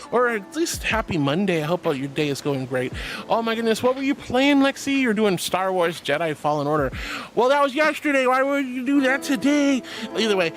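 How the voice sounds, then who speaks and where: Male streamer, high bouncy voice, sweet and doting, calls everyone sweetie, casual live chat on a computer mic. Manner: gushing and affectionate, calls viewers sweetie. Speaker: VTuber streamer. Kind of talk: casual livestream chat, reading chat messages.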